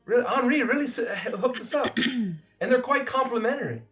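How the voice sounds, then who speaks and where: A man's voice: very high-pitched, lively intonation, a little fast, fairly bright tone, soft background music. A man role-playing in a tabletop game, chatty with quaint formal phrasing. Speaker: player. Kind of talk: in-character tabletop role-play.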